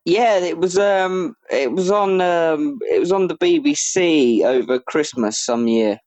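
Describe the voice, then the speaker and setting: A man's voice: fairly high pitch, measured pace, a little mellow, no room sound. A man co-hosting a casual film review podcast, mostly giving short laid-back replies with the odd crude joke. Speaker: podcast co-host.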